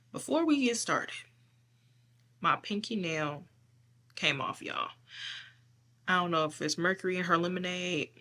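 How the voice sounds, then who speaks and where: Hoarse, chatty woman tarot reader. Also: lowish voice, a bit bright. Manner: chatty, tags lines with "okay?". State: hoarse from losing her voice. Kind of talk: casual spiritual reading.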